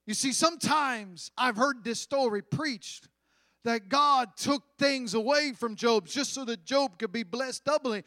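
A man preaching a sermon, dramatic, swinging from loud passages to hushed ones. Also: extremely high pitch, dry recording, clean studio sound.

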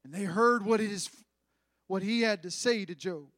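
A man preaching a sermon, dramatic, swinging from loud passages to hushed ones. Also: sits high, moderate pace, dry recording, studio quality.

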